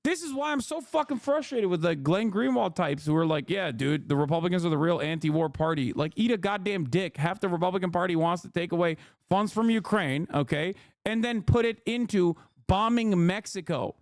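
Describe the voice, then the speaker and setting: A man in his thirties rants at his chat in a high, fast-rising voice, swearing constantly and dripping sarcasm. The sound is dry and close, with no room around it. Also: no echo. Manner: profane, heated, sarcastic. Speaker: streamer reacting to chat. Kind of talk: angry political rant.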